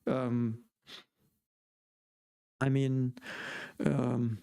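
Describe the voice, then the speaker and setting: A man's voice: medium pitch, flat delivery, extremely slow, gravelly, warm tone, clear, resonant tone. A man with a German accent hosting a live question-and-answer stream, rambling and hesitant with many fillers and restarts. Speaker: host.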